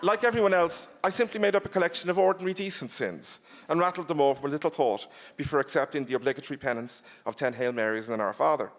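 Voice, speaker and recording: A man, an author, giving an expressive live reading of his own novel. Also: on the high side, fast talker, few pauses. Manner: expressive, animated storytelling.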